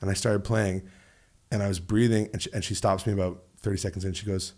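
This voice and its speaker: A man with a somewhat low voice spins animated stories as a guest in a studio conversation. He slips into the voices of the people he quotes, keeping the talk casual and lively. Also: fast talker. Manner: animated storyteller who acts out quoted voices. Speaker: musician guest. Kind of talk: casual storytelling interview.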